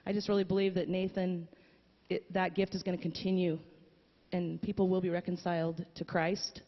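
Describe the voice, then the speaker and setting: A woman speaking at a memorial, telling a story with pauses and fillers, then reading a poem aloud. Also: fairly low pitch, flat delivery. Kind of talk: heartfelt eulogy and poem reading. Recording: dull audio with long hall reverb.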